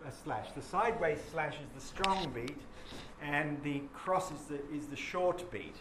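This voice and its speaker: A man's voice: a little high, measured pace. A man giving a classroom lecture, explaining patiently and chanting rhythms aloud. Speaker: teacher. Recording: echoey classroom with background noise.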